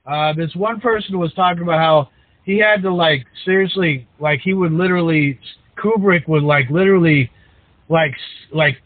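A man's voice: a little high, normal speed, no room sound. A man co-hosting a casual podcast chat, hedging and saying "like" often. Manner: hedging, lots of "like". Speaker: podcast co-host. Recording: tinny phone-like line.

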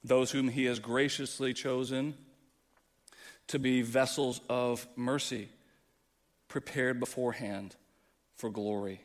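Impassioned preacher in an echoing hall. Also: male voice, medium pitch, fairly even intonation, slow, long pauses. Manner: impassioned preaching, swings from quiet to loud. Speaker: pastor. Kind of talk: sermon. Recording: long hall reverb.

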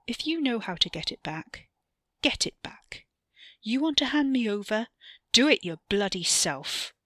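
A woman reads out a sneering young man with a bitter edge, his slow, cutting words pressed out in a bright, forceful voice. The recording is close and dry, with no room sound around him. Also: on the high side, very animated, no echo, pitched above the performer's own voice, heavily acted. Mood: angry.

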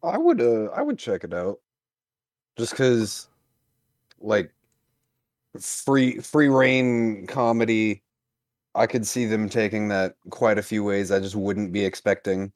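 Slow, hesitant low-voiced man. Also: lively intonation, darkish tone, no echo, studio quality. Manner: hesitant, thinks aloud with fillers. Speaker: new podcast member. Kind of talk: casual chat.

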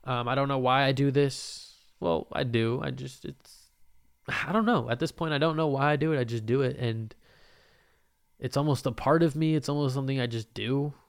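His voice is medium-pitched, creaky and clean, moving at a moderate pace. He's a young man hosting his own podcast, rambling and cursing in a laid-back way, laughing often during this casual solo monologue into a microphone.

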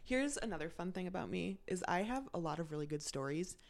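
Woman, Midwestern American accent, podcast guest, chatty, low voice, lively swings. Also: fairly quick, vocal fry. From Michigan, US. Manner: chatty storyteller, playful. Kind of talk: casual chat.

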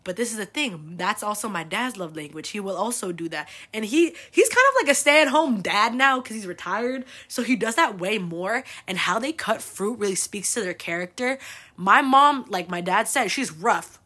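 Bright-voiced young woman telling stories. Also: mid-range voice, animated, normal speed. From United States. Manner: chatty, swears freely, lots of fillers. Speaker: host. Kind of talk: casual storytelling monologue.

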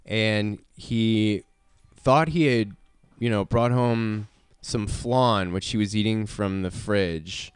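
A man on a podcast, telling casual stories with frequent laughter and shouted quotes. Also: lowish voice, takes it slowly, clear, resonant tone, no room sound. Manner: laid-back storyteller, laughs often, shouts when quoting. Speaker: podcast host. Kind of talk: casual chat.

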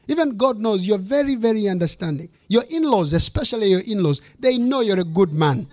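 A man's voice: high-pitched, big pitch swings, brisk, darkish tone. A man, a bishop, preaching a sermon, telling a story with emphatic, punchy repetition.

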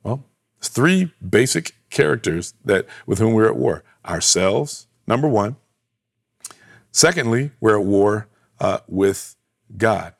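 A man's voice: lowish voice, expressive, slow, vocal fry, no room sound, clean studio sound. A man preaching a sermon as pastor, earnest, asking rhetorical questions and repeating phrases.

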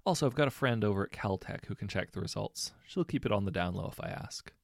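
A man's voice: on the low side, expressive, fast talker, gravelly, dry recording, studio quality. A man voicing an uneasy scientist who speaks hesitantly. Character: hesitant male scientist with a conscience.

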